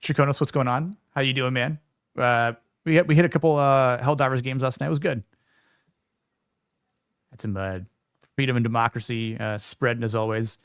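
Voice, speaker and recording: A man's voice: medium pitch, steady tone, moderate pace, pauses often, smooth, dry recording, clean studio sound. A man from Florida co-hosting a livestream podcast, chatting casually and greeting viewers by name. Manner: laid-back, greets chat viewers by name. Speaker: podcast co-host.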